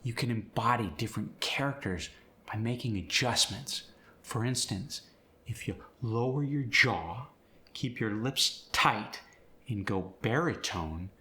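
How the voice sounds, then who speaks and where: A man's voice: on the low side, unhurried, over music. A man teaching how to speak with a British accent, explaining the sounds and then demonstrating words in the accent. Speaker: acting and accent coach. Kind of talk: instructional video.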